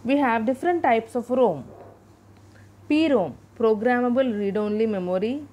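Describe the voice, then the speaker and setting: A woman's voice: fairly high pitch, lively intonation, dark tone. Woman teaching a computer lesson. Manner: explains terms slowly, spells out abbreviations. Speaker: school teacher. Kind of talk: classroom lecture over slides.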